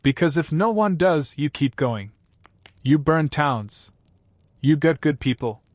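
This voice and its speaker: A man voicing a hardened bounty hunter who speaks in flat, clipped, defiant lines, from a dry recording. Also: on the high side, takes it slowly, no echo, pitched above the performer's own voice.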